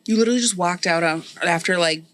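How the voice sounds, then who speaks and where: A woman's voice: on the low side, a bit bright, dry recording. A woman co-hosting a podcast, chiming in with blunt opinions in casual chat. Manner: quick reactive interjections, blunt opinions. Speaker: podcast co-host.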